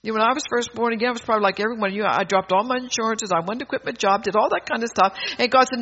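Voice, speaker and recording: A woman's voice: on the high side, rapid-fire, hardly any pauses, a bit bright, highs cut off. A woman preaching a sermon in an emphatic, scolding way, calling out to her congregation.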